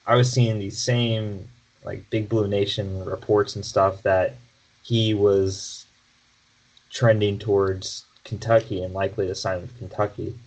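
A man with a fairly low voice talks through a sports update on a podcast. He speaks casually, with plenty of fillers and false starts as he thinks aloud. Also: darkish tone, poor audio. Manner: conversational, frequent fillers and restarts. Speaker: podcast co-host.

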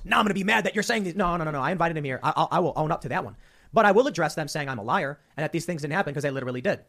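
A man from Chicago hosting a podcast, talking in a rapid, emphatic way and repeating words as he presses his points. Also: on the high side, a bit bright. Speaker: podcast host. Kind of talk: casual chat.

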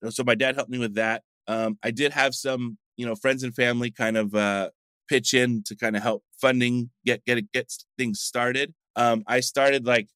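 A middle-aged man from the United States tells casual, rambling stories as an interview guest. His voice is bright and forward. The sound is dry, with no room echo. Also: mid-range voice, steady tone, normal speed, clean tone. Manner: chatty, rambling anecdotes with frequent fillers. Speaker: coffee shop founder, guest.

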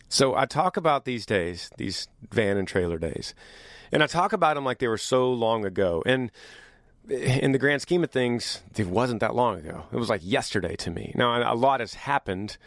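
A man hosting a casual monologue to his viewers, animated and joking, teasing as he talks. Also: medium pitch, moderate pace, faint music behind. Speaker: host.

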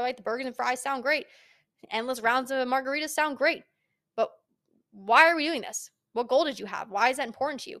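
A woman's voice: on the high side, a bit bright. A young woman hosting a fitness podcast, speaking straight to the listener in a casual, emphatic, motivational monologue and swearing freely.

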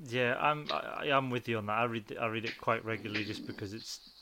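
A man hosting a casual podcast chat, playful and quick to laugh as he quizzes his guests. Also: medium pitch, background noise. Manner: playful quizmaster, laughs often. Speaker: podcast host.

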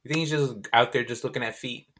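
A man co-hosting a podcast in casual recap chat, incredulous and quick to laugh. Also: medium pitch, fairly even intonation, a bit bright. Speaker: podcast co-host.

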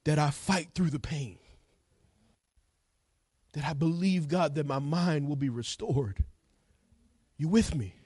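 A middle-aged man preaching a sermon, telling a story and moving from hushed talk to shouting. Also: fairly high pitch, takes it slowly, pauses often, breathy edge, no echo, clean studio sound. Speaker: evangelist preacher.

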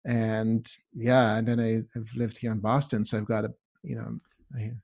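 A man's voice: on the low side, level tone, normal speed, creaky, a little mellow. A man with a hard-to-place mixed accent, a podcast guest in his home office, chatting casually and often asking "right?". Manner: conversational, says "right?" often.

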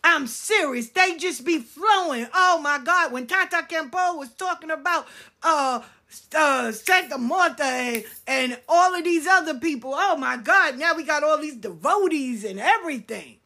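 Here a female card reader vents to her audience in an offhand rant, profane, direct and forceful. Her high, expressive voice takes its time and carries a sharp tone.

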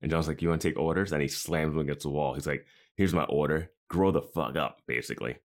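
A man's voice: extremely low pitch, fairly even intonation, fast. A man co-hosting a podcast, chatting casually about an episode and laughing often. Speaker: podcast co-host. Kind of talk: casual chat recapping a TV episode.

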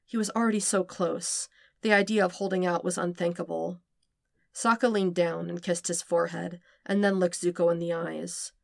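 A woman reading fan fiction aloud with steady, even narration. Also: on the low side, moderate pace, creaky, dry recording, clean studio sound. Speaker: podfic reader.

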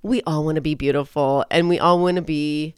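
A woman's voice: sits low, steady tone, brisk, smooth, no echo, studio quality. A woman in her forties co-hosting a podcast, telling a story in a chatty, laughing way that is full of swearing. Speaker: podcast co-host. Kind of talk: casual chat.

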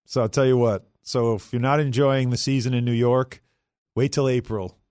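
A man hosting a sports talk radio show, energetic and conversational, with his pitch swinging up and down as he talks. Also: normal speed, no echo, clean studio sound.

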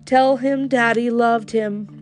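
A woman's voice: fairly high pitch, steady tone, slow pace, faint music behind. A woman voicing a desperate father in a fur coat, pleading and urgent, in a storybook reading.

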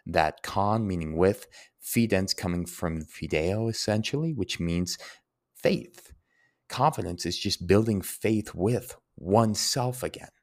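In a low voice and a little slowly, a young man works through personal listener questions in a reflective Q&A. He's earnest and heartfelt, pausing to explain word origins.

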